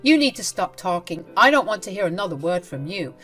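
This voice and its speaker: A woman voicing an angry adult man, a husband and father, who speaks in a stern, forceful way. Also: fairly low pitch, big pitch swings, fairly quick, faint music behind. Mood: furious.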